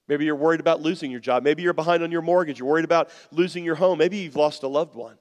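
Male pastor, earnest sermon, fairly high voice, long hall echo, softens to a near-whisper. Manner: earnest, drops to a soft near-whisper on key words.

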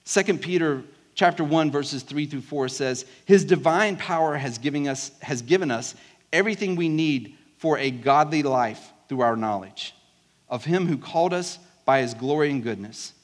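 A man's voice: fairly high pitch, normal speed. A pastor from South Georgia with a Southern accent, preaching a conversational sermon to his congregation. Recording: long hall reverb.

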